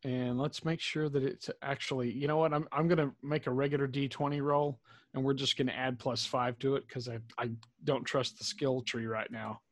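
A man's voice: mid-range voice, little pitch movement, moderate pace. A man playing a tabletop role-playing game, talking casually and hesitating as he decides his moves. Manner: hesitant, restarting sentences. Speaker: player.

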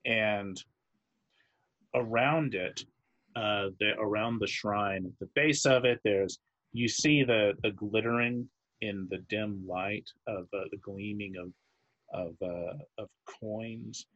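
A man narrating as game master of a tabletop game, halting and searching for words as he describes each scene. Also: fairly low pitch, steady tone, a bit bright, dull audio.

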